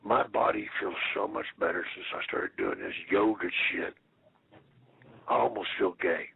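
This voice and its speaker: A man in his fifties, a retired wrestler, giving a rambling, profane interview full of deadpan jokes. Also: on the low side, normal speed, dry recording. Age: 50s. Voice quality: gravelly, raspy. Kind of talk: casual phone interview. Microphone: phone. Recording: tinny phone line.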